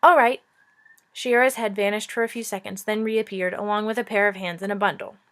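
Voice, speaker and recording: A woman's voice: medium pitch, fairly even intonation, fast talker, a bit bright. A woman teacher reading a chapter book aloud, informal and chatty, stopping to joke and comment. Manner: informal, joking, breaks off to chat.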